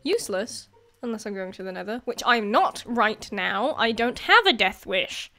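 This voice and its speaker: A woman's voice: fairly high pitch, big pitch swings, normal speed, bright, forceful tone. A woman giving casual commentary over her own gameplay, chatty and self-deprecating, often laughing and yelping at scares. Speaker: gaming video creator.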